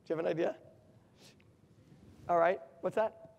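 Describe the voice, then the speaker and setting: A man leads a workshop in a large hall, his voice carrying a long reverb. He quizzes the crowd and drives his points home with emphasis, sitting a little higher than most men. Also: moderate pace, creaky, highs cut off. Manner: asks the audience questions, lively and emphatic. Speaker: workshop speaker. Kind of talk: interactive talk to an audience.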